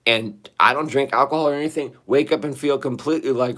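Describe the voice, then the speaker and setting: A man on a casual live stream from his bathroom, rambling and swearing to his viewers, his voice hoarse and shaky after singing. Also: mid-range voice, fast talker, fairly bright tone. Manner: rambling, profane, talking to chat. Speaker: livestreamer. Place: sitting in a bathroom.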